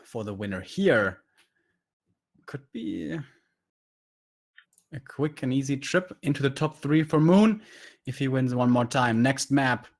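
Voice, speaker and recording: Lively, analytical male game caster. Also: medium pitch, slow, long pauses. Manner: analytical, critiques play in detail. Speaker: esports caster. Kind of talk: live game commentary.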